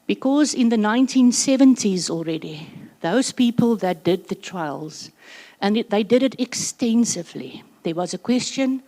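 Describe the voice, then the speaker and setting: A South African woman giving a workshop presentation, chatty and slightly out of breath, with quick joking asides. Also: mid-range voice, expressive, mellow. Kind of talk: conference presentation.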